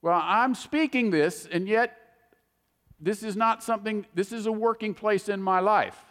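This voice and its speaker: A woman preacher giving a sermon, quoting scripture with emphatic, animated rises and falls in her voice. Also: mid-range voice, measured pace. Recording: long hall reverb.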